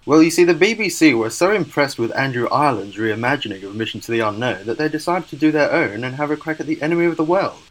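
A man's voice: mid-range voice, fast, few pauses, low-quality recording. Dry, matter-of-fact man on a podcast. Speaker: podcast co-host. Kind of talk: comedy sketch and casual podcast chat.

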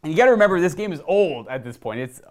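A man from Ontario, chatting casually on his channel, rambling and correcting himself and getting animated while demonstrating. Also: fairly high pitch, fast. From Ontario, Canada. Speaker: video host answering viewer questions. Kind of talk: casual chat.

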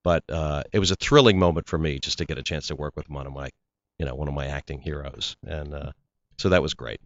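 A man with a very low voice chats as an actor guest in an interview, rambling through anecdotes and restarting his sentences. The sound is dry and close, with a slightly dull, lo-fi quality. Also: fairly even intonation, fast talker, no echo. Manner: rambling storyteller, restarts often. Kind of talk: casual interview chat.

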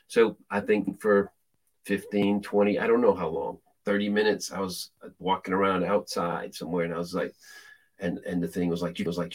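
A man casually telling a spiritual testimony, animated, acting out quotes with frequent restarts. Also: sits low, fairly quick, low-quality recording.

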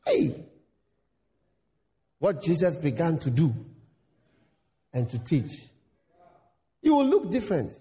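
A male pastor preaching a sermon, acting out dialogues with lively voices. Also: fairly high pitch, takes it slowly, long pauses, long reverb tail. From Ghana. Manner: animated, acts out dialogues in voices.

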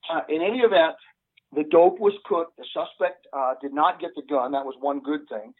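A man's voice: a little high, slightly rough. Older man on a tinny phone line. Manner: earnest, halting with many "uh" fillers. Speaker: retired police sergeant. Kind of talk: telling a story in an interview.

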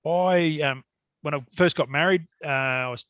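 A man's voice: on the high side, moderate pace, a bit bright, no room sound. A middle-aged Australian man telling a long story in casual conversation, rambling and laughing often. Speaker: guest hunter.

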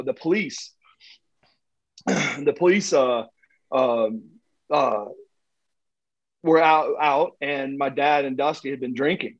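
A man telling long, rambling anecdotes as a guest, halting with many fillers and restarts. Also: fairly high pitch, dull audio.

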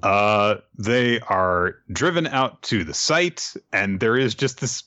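A man casually recapping an anime episode as a podcast co-host, rambling with fillers and quick asides. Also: on the low side, sharp tone, no echo, highs cut off. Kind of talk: casual chat.

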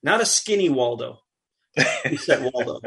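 A middle-aged man, a podcast guest, chatting casually and telling an animated anecdote while acting out what others said. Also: mid-range voice, moderate pace, creaky. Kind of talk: casual chat, storytelling.

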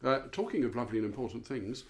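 A man's voice: medium pitch, expressive, fast. A man co-hosting a casual podcast chat, with a dry, self-mocking, wordy humour. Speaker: co-host.

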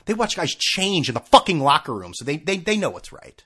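A man's voice: on the high side, big pitch swings, quick pace, a bit bright. A man in his thirties hosting a casual sports talk show, ranting with sarcasm and profanity.

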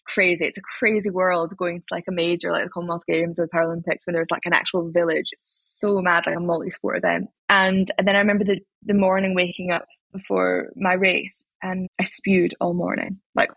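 A Scottish woman in her twenties, chatting in an interview and telling stories in an animated way with lots of fillers. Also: mid-range voice, gravelly, no room sound. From Scotland. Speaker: interviewee, athlete. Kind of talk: casual interview chat.

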